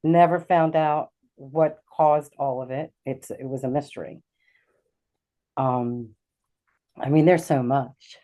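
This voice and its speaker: A middle-aged woman, a guest and intuitive healer, recounting a personal experience in a halting way, with many fillers and restarts. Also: rumbling low, fairly even intonation, highs cut off. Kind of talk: personal storytelling.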